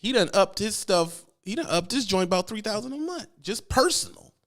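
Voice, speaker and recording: Animated slangy man on a live stream. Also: high-pitched, fairly quick. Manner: animated, slangy, teasing, reads chat aloud. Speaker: trucker streamer. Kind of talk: casual live-stream chat.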